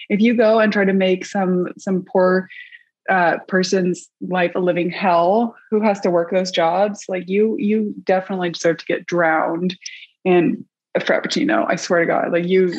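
A woman's voice: mid-range voice, slightly rough, dull audio. A woman co-hosting a podcast in casual chat, playful, dramatic and fond of swearing. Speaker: podcast co-host.

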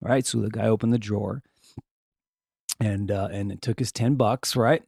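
A man's voice: fairly low pitch, steady tone, moderate pace, creaky, a little mellow, husky, no room sound, clean studio sound. A man hosting a podcast, reading odd news stories and adding joking, off-the-cuff asides. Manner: reads odd news items then riffs jokingly. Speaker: podcast host. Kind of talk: casual news commentary.

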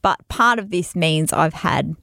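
Gravelly-voiced woman telling a chatty story. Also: low-pitched, unhurried, no room sound, studio quality. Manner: animated, laughs often, acts out quoted voices. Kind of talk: casual chat, storytelling.

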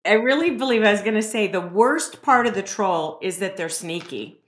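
A woman of medium pitch explains self-worth ideas in an earnest, conversational way, often tossing in "right?" to keep her listener with her. Her voice carries a noticeable roomy echo. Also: lively intonation, moderate pace. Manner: earnest, explanatory, uses rhetorical "right?" and "you know". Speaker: guest expert on self-esteem.

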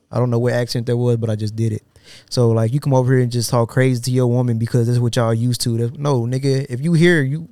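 A man's voice: mid-range voice, no echo. Blunt podcast co-host man, dry sound. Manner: blunt, animated, laughs often. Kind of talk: casual chat.

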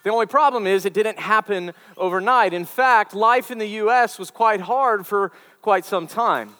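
In a large hall, a campus ministry preacher with a high, bright, forceful voice speaks at normal speed. His sermon to college students is conversational, built on stories, chatty asides and repeated words.

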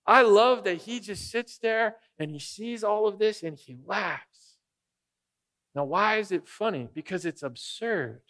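Speaking a little slowly in a high, slightly bright voice full of lively intonation, this adult pastor with young children delivers a sermon. His style is casual and joking, and he often asks the congregation questions.

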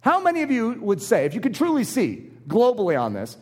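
A man's voice: extremely high pitch, a little fast, breathy edge. A man preaching a sermon, acting out short voices in his illustrations. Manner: animated, acts out little voices in his illustrations. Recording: long hall reverb.

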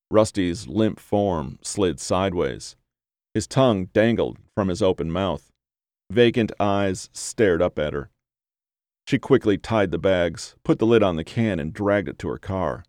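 A man with a fairly low voice reads a horror story in a measured, even way. The sound is dry and close, with no room echo. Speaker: narrator. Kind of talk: horror audiobook reading.

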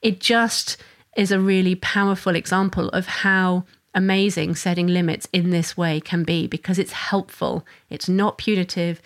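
Earnest woman explaining parenting, lowish voice. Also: steady tone, normal speed. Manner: earnest, flowing, with frequent restarts. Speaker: parenting educator; mother of a young son. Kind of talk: explanatory solo talk.

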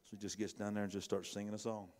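A middle-aged pastor, preaching in a conversational style that swings between loud bursts and hushed asides. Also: male voice, lowish voice, little pitch movement, very fast. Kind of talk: sermon.

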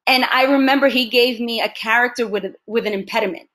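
A woman actress being interviewed, telling stories in an animated way and laughing often. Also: fairly high pitch, brisk. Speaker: actress, guest. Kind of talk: casual interview conversation.

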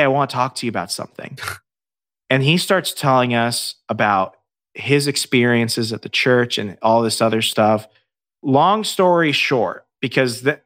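A man telling a ghost-hunting story in casual podcast chat, swearing freely and acting out what everyone said. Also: medium pitch. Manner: profane, animated storyteller acting out dialogue. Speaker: podcast guest, paranormal investigator.

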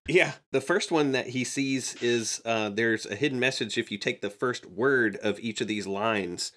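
A man co-hosting a podcast, chatting casually and thoughtfully, often pausing with fillers. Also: medium pitch, a bit bright. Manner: thoughtful, hesitant with frequent fillers. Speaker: podcast co-host. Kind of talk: casual chat.

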